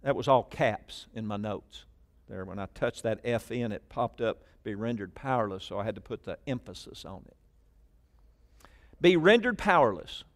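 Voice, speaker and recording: A man preaching a sermon to a congregation, calling out lines for them to repeat, moving between loud emphatic bursts and quiet asides. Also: fairly low pitch, normal speed. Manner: call-and-response preaching, prompting the congregation to repeat. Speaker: pastor. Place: church sanctuary with congregation.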